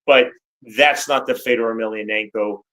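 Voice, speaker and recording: A man's voice: lowish voice, fairly even intonation, moderate pace, a bit bright, rough recording. A man who commentates fights, speaking as a guest in a casual interview, emphatic and articulate.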